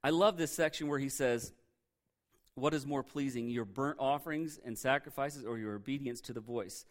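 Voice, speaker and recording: A man preaching a sermon, reading scripture aloud and retelling it in a conversational, animated way with joking asides. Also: mid-range voice, moderate pace. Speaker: pastor.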